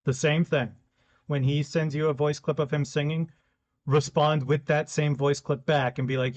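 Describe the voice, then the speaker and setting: A man co-hosting a podcast with a deep, slightly smoky voice, talking in a relaxed, conversational way. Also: normal speed. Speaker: podcast co-host. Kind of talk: casual chat.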